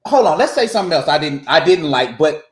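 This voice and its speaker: A man joining a call-in discussion as a guest, talking casually and excitably with frequent laughter. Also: a little high, fast talker, roomy sound, over a noisy crowd. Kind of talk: casual chat.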